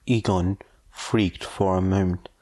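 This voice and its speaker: A man narrating fan fiction aloud in a steady, plain storytelling manner. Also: low voice, slow pace. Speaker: fanfiction audiobook reader.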